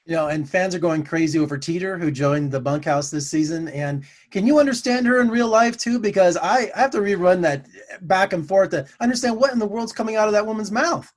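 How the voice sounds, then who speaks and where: A man's voice: high voice, brisk, few pauses. A man interviewing an actor, asking chatty, upbeat questions.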